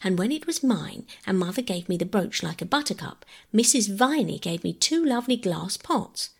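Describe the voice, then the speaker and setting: A woman voicing an earnest, anxious young girl who pleads eagerly, in a husky, gravelly voice. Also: mid-range voice, expressive, normal speed, a little mellow. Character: earnest anxious eldest girl, about twelve.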